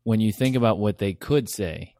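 A man with a low voice talks casually and thoughtfully, with a wry, self-deprecating edge. The sound is close and dry, with no room in it. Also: moderate pace, dark tone, no room sound. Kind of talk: casual chat.

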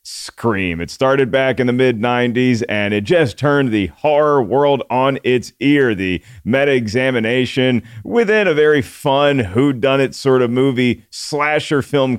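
Male podcast host, upbeat and punny; clean, dry, smooth delivery. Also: mid-range voice, no echo. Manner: upbeat, playful host patter with puns. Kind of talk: casual podcast chat.

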